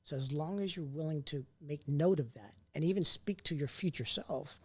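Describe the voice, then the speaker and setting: A man telling stories in an interview, casual and animated, acting out what others said to him. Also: on the high side, normal speed, slightly rough, no echo. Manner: animated storyteller who acts out quoted dialogue; casual, occasional mild swearing. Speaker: entrepreneur guest. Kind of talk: conversational storytelling interview.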